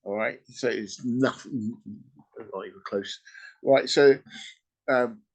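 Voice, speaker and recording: A man hosting a podcast, retelling a story in casual chat, animated and peppered with "you know" and "right?". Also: mid-range voice, slow. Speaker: podcast host.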